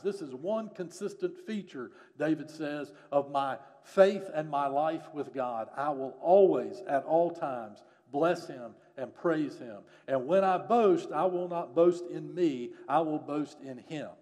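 A man preaching a sermon on a psalm, earnest, rising to emphasis and dropping soft again. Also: a little high, expressive, unhurried, long reverb tail. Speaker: pastor.

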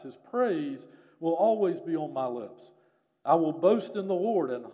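A man preaching a sermon on a psalm, earnest, rising to emphasis and dropping soft again. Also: on the high side, long reverb tail. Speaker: pastor.

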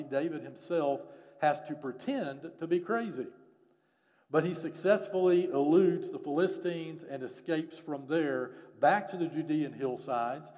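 A man preaching a sermon on a psalm, earnest, rising to emphasis and dropping soft again. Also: on the high side, in a large hall. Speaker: pastor.

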